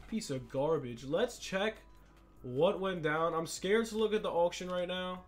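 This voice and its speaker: A young man, casually commentating a video game with excitable, frustrated outbursts. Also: high voice, normal speed, faint music behind. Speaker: gaming YouTuber. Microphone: desk mic with face cam.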